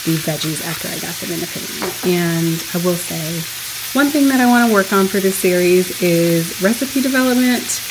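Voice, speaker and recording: A woman chatting casually as a home cooking vlogger, rambling along with frequent small laughs. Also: fairly low pitch. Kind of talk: casual voice-over chat. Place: home kitchen. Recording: clear cooking noise behind.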